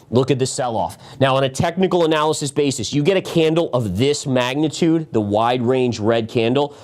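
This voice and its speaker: Emphatic middle-aged man breaking down charts. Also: mid-range voice. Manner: emphatic, animated, addresses viewers as guys; quick talk, sometimes winded. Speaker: market strategist and show host. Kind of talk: live market analysis show.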